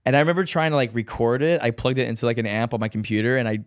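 A man guesting on a podcast, telling lively stories full of fillers and putting on high voices for quotes. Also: rapid-fire, no room sound, clean studio sound. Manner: animated storyteller, acts out quotes in high voices, many fillers. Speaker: podcast guest, professional dancer. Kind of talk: casual chat, storytelling.

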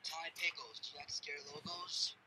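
A man's voice: a little high, fairly even intonation, a little fast, heavy background noise. A man in his thirties hosting a playful plush toy show, teasing his toys with the same question and dropping to near whispers. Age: 30s. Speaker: host.

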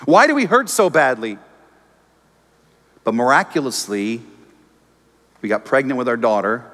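A male pastor delivering a lively sermon in a church auditorium, slipping into voices as he quotes people and trading jokes with the congregation. His middle-pitched voice carries a long, ringing hall reverb.

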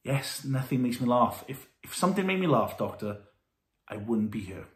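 A glum patient who cannot laugh speaks flat and downcast. A man voices him while telling a joke, and the room adds a noticeable echo. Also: medium pitch, normal speed, natural voice.

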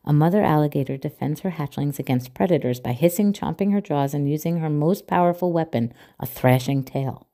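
A woman reading a children's picture book aloud with clear, expressive storytelling. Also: deep voice, fairly quick, few pauses.

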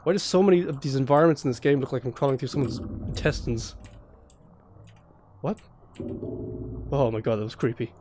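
A man's voice: medium pitch, expressive, fairly quick, long pauses, a little mellow, a little hiss or hum. A young man playing a horror game blind, jumpy and swearing, laughing nervously as he talks through the scares. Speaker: let's play host.

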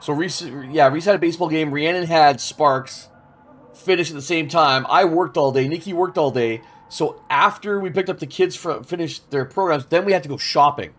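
A man in his thirties streams a game, his voice a little high and his pace moderate. He chats casually with his chat and swears as he plays, giving loose gameplay commentary.

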